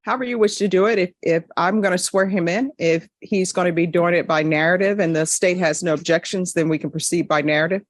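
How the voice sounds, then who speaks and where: A woman's voice: fairly low pitch, brisk, hardly any pauses, no room sound. A woman judge running a courtroom hearing in a businesslike, procedural way.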